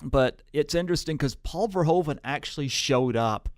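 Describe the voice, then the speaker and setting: A man's voice: a little high, normal speed, no room sound. Casual male podcast host, dry sound. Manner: casual, hedging with "you know" and "like". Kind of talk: interview chat.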